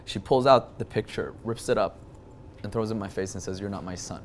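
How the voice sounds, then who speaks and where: Guest, man in his 20s, lowish voice, animated storyteller, faint hiss on the recording. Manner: animated, quick bursts with frequent restarts. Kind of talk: emotional storytelling in an interview.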